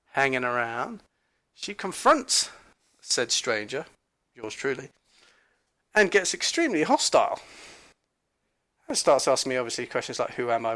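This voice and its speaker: A man telling a story to camera in a rambling, halting way, with fillers, restarts and emphatic asides. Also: high voice, a bit bright. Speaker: commentator recounting an encounter.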